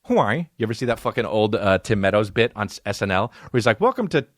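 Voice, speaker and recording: Man, 40s, podcast host, comedic monologue, profane, animated, dry sound. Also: on the low side, quick pace, dry recording. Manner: profane, animated storytelling with put-on voices.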